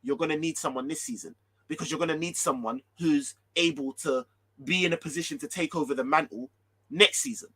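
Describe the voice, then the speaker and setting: A man's voice: on the high side, brisk, husky, no room sound. A man, ranting heatedly about football as a fan channel host, swearing and repeating himself. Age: 30s. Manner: animated, swearing, repetitive, ranting.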